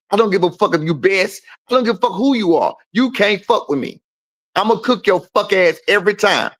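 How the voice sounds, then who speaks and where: A man's voice: high-pitched, a bit bright, no echo. A man on a call-in show, telling a heated story in casual talk, profane and boastful.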